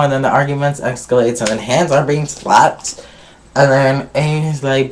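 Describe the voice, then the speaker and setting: In a loose, gossipy recap, a man talks through a reality show episode, swearing freely and skipping ahead with "blah, blah, blah." His middle-pitched voice barely varies in pitch and keeps a moderate pace.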